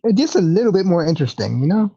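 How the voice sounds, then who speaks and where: A woman's voice: lowish voice, very animated, very fast, warm tone, husky. A woman co-hosting a podcast, chiming in casually with short agreements and the odd swear. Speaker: podcast co-host. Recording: dull lo-fi podcast audio.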